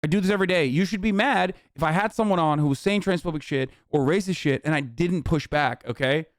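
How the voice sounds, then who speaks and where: A young adult man rants at his chat with profane heat, his voice sitting a bit high for a man. His tone is smooth and clear, and the recording is close and dry with no room sound. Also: brisk, no echo. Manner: profane, heated ranting at chat. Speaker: streamer. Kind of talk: casual reaction stream commentary.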